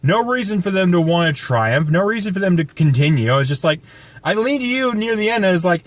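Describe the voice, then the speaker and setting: A man's voice: high voice, big pitch swings, a little fast. A man giving a casual movie review, ranting with profanity and sarcasm. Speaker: guest film reviewer.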